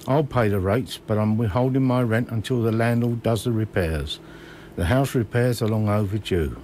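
A man's voice: on the low side, normal speed, a little mellow, slight background noise, lightly acted. A man voicing a firm, honest working mother, speaking in a matter-of-fact way.

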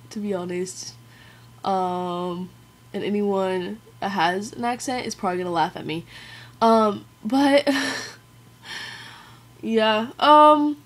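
A woman doing a casual challenge vlog into a webcam. She giggles a lot, mocks herself and fills pauses with um and like. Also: medium pitch. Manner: giggly, self-deprecating, filler-heavy. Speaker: vlogger.

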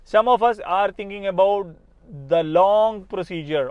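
A man's voice: sits high, measured pace, smooth, dry recording. A man with a Malayalam accent, a native Malayalam speaker teaching spoken English, talking earnestly and often checking in with "right?". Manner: earnest, repeats words and asks "right?". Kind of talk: motivational spoken-English lesson. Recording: dry, slightly dull sound.

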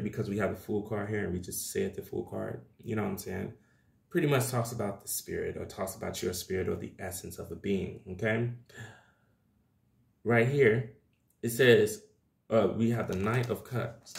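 Gravelly, low-voiced man reading tarot. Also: moderate pace. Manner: loose, chatty, slangy, addresses viewers as y'all. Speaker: tarot reader. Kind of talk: casual tarot reading to camera. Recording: echoey room.

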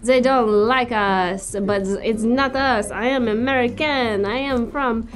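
A woman's voice: a little high, a little slow, lightly acted. A woman playing an American male caller named Doug Bones who speaks in an exaggerated fake French accent, improvising in a comedy call sketch. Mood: mock-sincere. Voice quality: mock-French, rambling.

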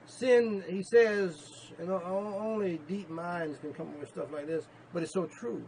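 Gravelly-voiced man preaching with loud peaks. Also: fairly high pitch, moderate pace, slight background noise, low-quality recording. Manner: emphatic preaching with repetitions and sudden loud peaks. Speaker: pastor. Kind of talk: sermon.

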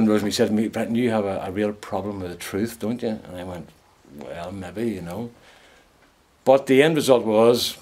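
A low, husky man recounting a comic tale from his own life. He rambles easily from one point to the next, drops into little voices for the people in it, and keeps chuckling at his own mischief. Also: darkish tone. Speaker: storyteller. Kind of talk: casual anecdote telling.

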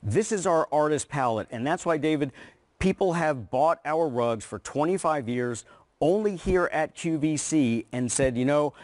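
A man pitching rugs as a guest on a home shopping broadcast, enthusiastic and persuasive. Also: animated, a little slow, a little mellow, dry recording. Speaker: rug company representative. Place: TV studio.

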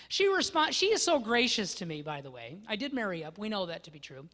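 A man preaching a sermon from a church, swinging between loud emphasis and hushed asides. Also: high voice, big pitch swings, brisk, few pauses. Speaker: pastor. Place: church sanctuary. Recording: long church-hall reverb.

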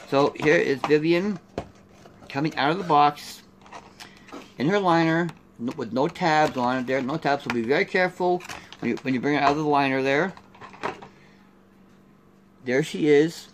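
A man's voice: a little high, slight background noise. A middle-aged man from Canada doing a casual unboxing review of collectible figures. He rambles and keeps saying "there" and "here".

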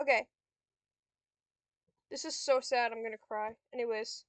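Young woman gamer, high voice, slow unhurried delivery, keeps cursing at the computer. Dry, close sound. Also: fairly even intonation, fairly bright tone, no echo. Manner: swearing, frustrated outbursts at a computer opponent. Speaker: gamer vlogger. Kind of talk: casual gameplay commentary.

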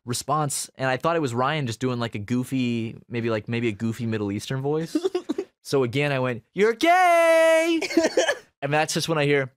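A young man co-hosting a casual podcast, telling a story with animated delivery and bursts of laughter. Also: medium pitch, a little fast, clean tone, dry recording, clean studio sound. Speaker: podcast co-host.

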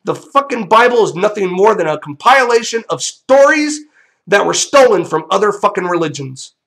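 A man's voice: high voice, sing-song, moderate pace, vocal fry, fairly bright tone. A young man hosting a vlog, delivering a profane, combative rant straight to viewers. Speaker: channel host.

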